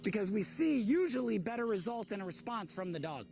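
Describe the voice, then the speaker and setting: A man working as a dog trainer, patiently explaining steps and giving quick cues to a student. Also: sits high, big pitch swings, vocal fry, a little mellow, soft background music. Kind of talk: coaching a training session.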